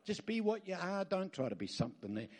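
A middle-aged Australian man preaching a sermon in a fairly high voice. He tells stories with a lively, joking manner and plenty of asides to the congregation. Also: quick pace. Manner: lively storytelling with jokes and asides. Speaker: pastor.

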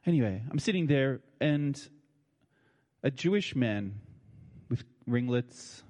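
A man's voice: medium pitch, lively intonation, slow pace, a little mellow. Older Australian man in a big hall. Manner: colloquial and heartfelt, with feeling in his voice. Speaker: speaker addressing an audience. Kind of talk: emotional personal storytelling. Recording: long reverb of a large hall.

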